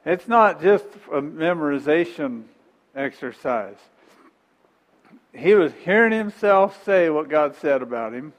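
A man's voice: a little high, lively intonation, measured pace, long reverb tail, poor audio. A middle-aged man preaching a sermon in a folksy, conversational way, repeating phrases and chuckling between points.

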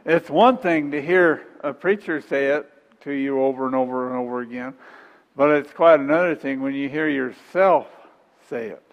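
A man's voice: mid-range voice, moderate pace, in a large hall, dull audio. A middle-aged man preaching a sermon in a folksy, conversational way, repeating phrases and chuckling between points.

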